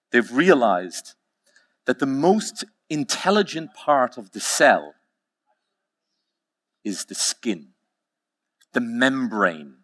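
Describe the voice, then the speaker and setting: A man giving a conference keynote, telling stories with emphatic, slowly repeated phrases. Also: medium pitch, fairly bright tone. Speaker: keynote speaker.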